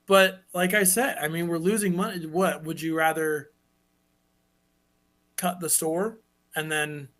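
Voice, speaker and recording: A man's voice: on the high side, fairly even intonation, a little slow, pauses often, fairly bright tone. An improv performer playing an uneasy son who hesitates and agrees with his father. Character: uneasy son cutting costs in the family store. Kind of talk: live improv comedy.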